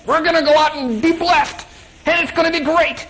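A male leader, bursting with forced cheer, rallies his followers in a voice pushed far above normal, as a preacher acts him out. His pep talk sounds bright and overeager. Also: very high-pitched, steady tone, moderate pace, slight background noise, pitched above the performer's own voice, exaggerated voice. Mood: hyped.

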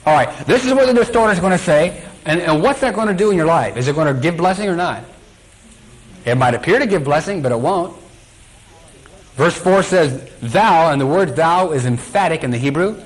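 A man's voice: a little high, expressive, brisk, low-quality recording. Man preaching, quizzing his congregation. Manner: quizzes the congregation, acts out quotes. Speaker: Bible teacher. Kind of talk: sermon.

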